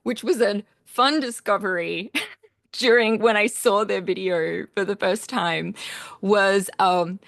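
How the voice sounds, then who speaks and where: A woman's voice: medium pitch, takes it slowly, vocal fry, no room sound, clean studio sound. A woman in her forties with an Australian accent, a composer giving a casual talk to a choir, telling stories with lots of laughs and fillers. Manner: animated storytelling with frequent laughs and fillers.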